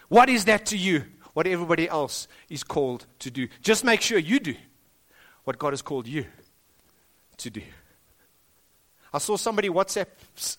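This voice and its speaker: South african pastor guy preaching, high voice, punchy, repeats himself a lot. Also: a bit bright. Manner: emphatic, rising and dropping for stress, repeats phrases. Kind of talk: sermon. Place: school hall.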